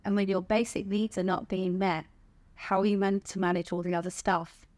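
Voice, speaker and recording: A middle-aged woman with a southern English accent, a stand-up comedian talking frankly as a podcast guest, swearing casually and laughing often. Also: fairly low pitch. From England. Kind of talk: candid conversational interview.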